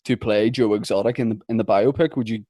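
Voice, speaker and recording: A man's voice: on the low side, steady tone, fast talker, warm tone, no echo, clean studio sound. A man hosting a podcast, asking joking, teasing questions in casual chat. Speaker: podcast host.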